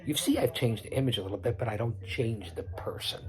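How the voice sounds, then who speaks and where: A man's voice: medium pitch, fairly quick. A middle-aged man hosting his own podcast, giving unscripted live commentary over a wrestling broadcast in a boastful, preachy way, repeating himself and rattling off lists. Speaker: podcast host doing wrestling watch-along commentary.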